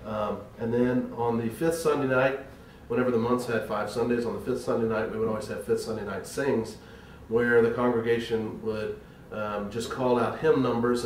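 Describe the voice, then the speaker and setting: A man's voice: on the low side, little pitch movement, normal speed, few pauses, recorded from a distance, slight background noise. A man earnestly telling stories about his church upbringing in an interview. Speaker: choir member. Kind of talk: reflective interview talk. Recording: roomy, off-mic with faint ambience.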